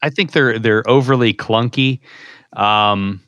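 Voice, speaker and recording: A man co-hosting a podcast in casual chat, talking in a halting way with many fillers. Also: mid-range voice, fairly bright tone, no room sound. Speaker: podcast co-host.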